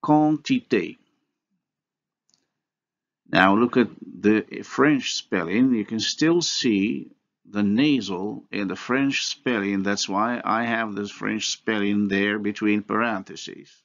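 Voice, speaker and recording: A man giving a recorded university lecture on phonology, explaining slowly and methodically with pauses and small restarts. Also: fairly low pitch, a bit bright, dull audio.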